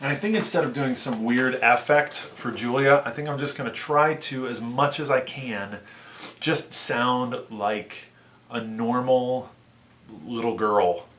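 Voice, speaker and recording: A man's voice: mid-range voice, a little slow, fairly bright tone. A man in his thirties, chatting casually in a vlog as he explains his plans. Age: 30s. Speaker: vlogger.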